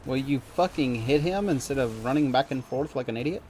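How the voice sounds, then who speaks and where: A man's voice: medium pitch, brisk, a little mellow, slight background noise. A young man chatting casually on a game stream, rambling and swearing freely as he rants. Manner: profane, rambling, heats up when ranting. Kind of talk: casual live-stream chat while gaming.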